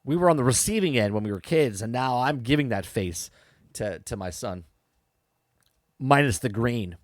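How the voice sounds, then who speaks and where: A man's voice: mid-range voice, expressive, moderate pace, no room sound, studio quality. A man, a parent, casually recapping and reviewing a TV episode, chatty, repeating himself and tossing in "okay?" and "right?" as he goes. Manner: chatty, repeats words and restarts, frequent "okay?" and "right?" asides. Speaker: podcast host reviewing a TV episode.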